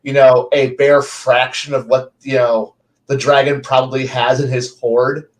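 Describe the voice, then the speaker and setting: A man co-hosting a gaming podcast in casual, rambling, animated chat with many restarts. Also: medium pitch, measured pace, rough recording. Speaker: podcast co-host.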